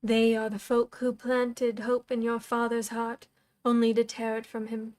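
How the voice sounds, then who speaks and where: A woman voicing a cold, scornful dark mentor. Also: a little high, completely flat delivery, a little slow, natural voice. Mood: cold, commanding.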